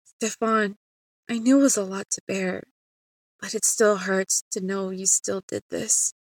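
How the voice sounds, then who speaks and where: A woman voicing the calm, tender spirit of a dead grandfather in a storybook tale, speaking softly and sadly. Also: medium pitch, moderate pace, no room sound, studio quality, close to an everyday voice. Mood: solemn. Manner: soft, sad, reassuring.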